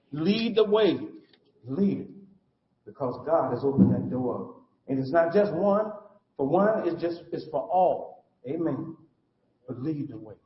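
A man preaching a sermon and closing prayer in church, with emphatic call-and-response and repeated phrases. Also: on the high side. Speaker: guest preacher. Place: church sanctuary. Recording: echoey church, muffled sound.

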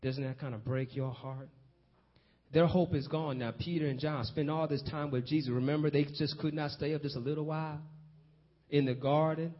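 Preaching man on a dull lo-fi recording. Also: normal speed. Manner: rises from hushed low asides to loud excited calls. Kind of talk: sermon.

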